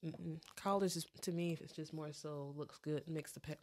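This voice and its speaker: A woman co-hosts a relaxed pet podcast, her voice sitting on the low side. She talks in a loose, chatty way, filling pauses with ums and restarting her sentences. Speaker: podcast co-host. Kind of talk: casual chat.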